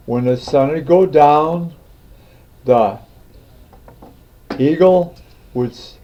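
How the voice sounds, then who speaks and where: A man telling a folk tale in an unhurried way, with fillers and restarts, on a dull lo-fi recording. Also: a little high. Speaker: storyteller. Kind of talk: oral folk storytelling.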